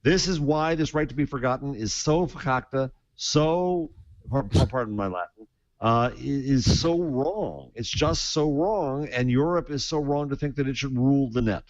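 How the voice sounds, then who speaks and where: A man's voice: medium pitch, moderate pace, dry recording, dull audio. A man co-hosting a casual tech panel chat, giving indignant, emphatic opinions over a laptop mic. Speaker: co-host.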